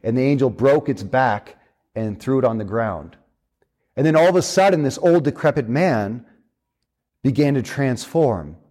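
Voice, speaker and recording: A man's voice: mid-range voice, animated, moderate pace, a little mellow. A man preaching a sermon in a conversational way, with casual fillers and restarts.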